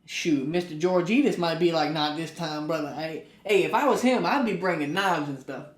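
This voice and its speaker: A man co-hosting a casual podcast, telling stories and rising loud for punchlines. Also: fairly high pitch, lively intonation, normal speed. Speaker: podcast co-host. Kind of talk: casual chat. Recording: echoey room.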